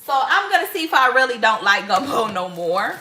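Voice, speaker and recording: A woman's voice: on the high side, sing-song, brisk, echoey room, a crowd in the background. A woman from Mississippi, chatting casually with viewers in a cooking vlog from her home kitchen, full of rambling asides and y'all. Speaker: lifestyle vlogger.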